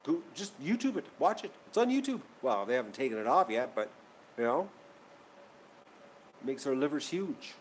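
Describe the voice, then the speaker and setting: A man's voice: medium pitch, big pitch swings, normal speed, pauses often, slight background noise. A man hosting his channel, talking casually to viewers, rambling and repeating himself as he gets worked up. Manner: rambling and repetitive, getting worked up. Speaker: channel host. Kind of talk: casual vlog chat to viewers.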